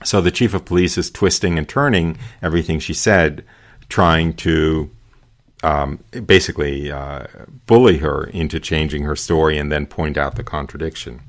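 A man hosting a radio show, reading a religious account aloud and breaking off to comment, with frequent pauses and fillers. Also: a bass voice, steady tone.

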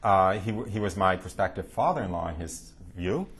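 A man with a somewhat low, husky voice tells a story to an audience. He hesitates often with fillers and restarts, then livens up when he quotes other people. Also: fairly quick. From United States. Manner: hesitant, many fillers, animated quoting. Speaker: speaker at a talk. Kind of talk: storytelling talk with Q&A.

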